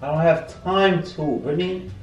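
A man's voice: sits high, steady tone, normal speed. A young man with a Bahamian accent in a casual prank vlog at home, pleading and teasing as he keeps saying his girlfriend's name. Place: home indoors. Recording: echoey room, mic far off, faint music.

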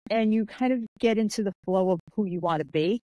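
A woman guest on an interview show, telling animated stories, acting out the people in them, with lots of "like" fillers. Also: mid-range voice, a little fast, no echo, lo-fi sound. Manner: animated storyteller who acts out quoted people; chatty, with many "like" and "I'm like" fillers. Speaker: podcast guest, author and martial artist. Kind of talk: casual interview storytelling.

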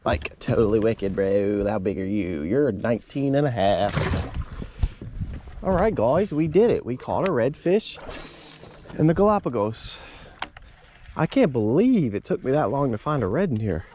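A man's voice: mid-range voice, very animated, normal speed, long pauses, mellow, highs cut off, slight background noise. A man, talking casually to the camera while fishing from a small boat on a marsh. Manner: laid-back, chatty, talks to the camera and to the fish. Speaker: fishing vlogger. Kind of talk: casual outdoor vlog commentary.

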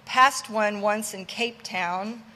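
A woman's voice: a little high, unhurried, a bit bright. A woman voicing a grumbling old male ship's cook in his nineties, muttering and testy, with a preacher-like cadence. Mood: sullen.

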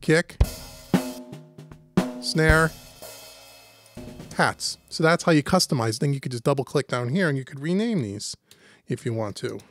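A man hosting a casual, step-by-step software tutorial. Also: mid-range voice, expressive, measured pace, long pauses, soft background music. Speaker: host and instructor. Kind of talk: screen-recorded software tutorial.

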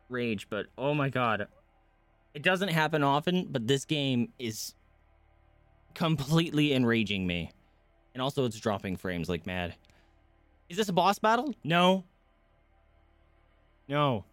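A man's voice: fairly high pitch, no room sound. A male streamer giving live gameplay commentary, ranting and swearing in frustration. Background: faint game music.

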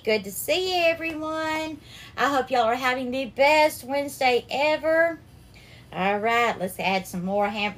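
Sweet-talking woman, slightly high voice. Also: a bit bright. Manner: affectionate, greets viewers by name, calls them darling and sweetheart. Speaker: cooking livestream host. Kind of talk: live cooking demo, chatting with viewers.

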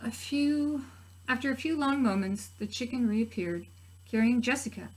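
A woman teacher reading a picture book aloud to preschool children, gently expressive with soft asides to her listeners. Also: a little high, normal speed, slightly rough, poor audio. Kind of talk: children's story read-aloud.

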